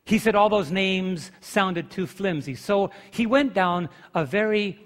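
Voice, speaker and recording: High-voiced man preaching in a reverberant church. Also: measured pace, fairly bright tone. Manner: emphatic preaching with rhetorical questions to the congregation. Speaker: pastor. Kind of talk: sermon. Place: church sanctuary.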